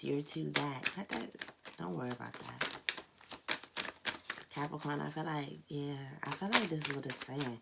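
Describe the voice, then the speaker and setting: A woman's voice: deep voice, gravelly, heavy background noise. A woman giving a casual tarot reading, speaking bluntly and candidly, swearing and calling her viewers "baby" and "cat". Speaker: tarot reader.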